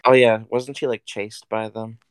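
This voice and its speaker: A man's voice: fairly low pitch, little pitch movement, moderate pace, clean tone. A man co-hosting a podcast in casual chat, giving short, easygoing replies and chuckling often. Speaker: podcast co-host.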